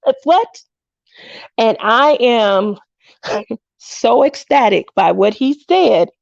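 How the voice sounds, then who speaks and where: A woman's voice: a little high, expressive, takes it slowly, vocal fry, no echo, muffled recording. A woman in her fifties hosting a craft livestream, chatting casually and telling stories with frequent laughs, acting out what people said. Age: 50s. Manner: chatty storyteller who laughs often and acts out quotes.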